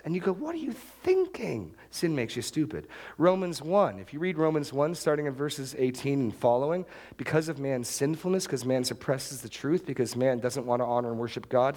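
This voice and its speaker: A middle-aged male pastor preaching an expository sermon, emphatic and repetitive, with sharp upward jumps when he stresses a point. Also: medium pitch. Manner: emphatic, repeats key phrases, rises sharply for stress.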